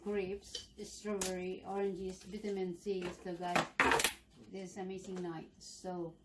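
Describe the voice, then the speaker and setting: A woman's voice: lowish voice, flat delivery, unhurried, noisy background. A woman with a Filipino accent co-hosting a food show, speaking in short, simple phrases. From Philippines. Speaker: mukbang co-host. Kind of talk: casual food chat.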